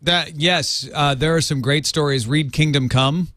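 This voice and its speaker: A man co-hosting a podcast, chatting casually with dry jokes and quick bursts of talk. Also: a little high, steady tone, a bit bright, no echo. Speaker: podcast co-host. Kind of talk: casual chat.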